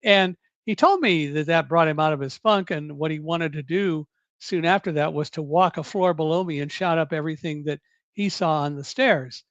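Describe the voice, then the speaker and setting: An older man recounts his story in a measured, deliberate manner, now and then correcting himself as he goes. His voice sits a bit high for a man. The sound is dull and dry, like a lo-fi recording. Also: fairly bright tone, dry recording. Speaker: guest recounting a survival story. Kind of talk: storytelling interview.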